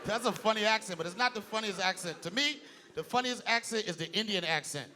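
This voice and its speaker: A man performing a stand-up comedy set on a club stage with a handheld mic, loud and animated. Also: sits high, fast talker, slight background noise. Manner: animated, loud, jumps into impressions. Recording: live club with loud crowd laughter.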